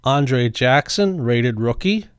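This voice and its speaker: A middle-aged man giving a relaxed, chatty voice-over as he opens packs of baseball cards, often unsure how names are pronounced. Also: medium pitch, takes it slowly, clean tone, no room sound, clean studio sound. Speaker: card-opening video host. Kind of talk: casual voice-over narration.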